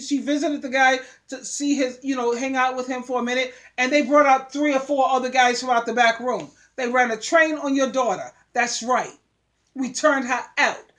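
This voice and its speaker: A woman vlogger delivering a preachy, scolding monologue, repeating words for emphasis. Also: high voice. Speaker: vlogger giving advice.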